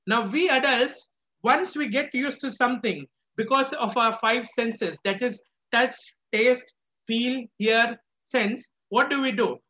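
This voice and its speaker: An emphatic preacher with a bright, pointed voice delivers a sermon, coming back to phrases again and again and answering their own questions. The recording is muffled and lo-fi. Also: medium pitch, takes it slowly. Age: adult with a small child. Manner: emphatic, repeats key phrases, asks rhetorical questions.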